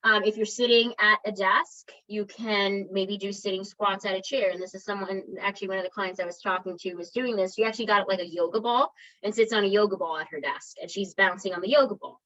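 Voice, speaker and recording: A woman's voice: mid-range voice, steady tone, fairly quick, sharp tone, lo-fi sound. A woman wellness coach giving a conversational motivational talk to an online group, encouraging and often checking in with her listeners.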